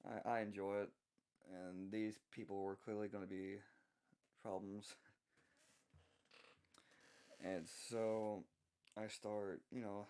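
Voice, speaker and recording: A young man from the American South telling an unscripted work story, speaking softly with many halting restarts. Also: fairly low pitch, steady tone.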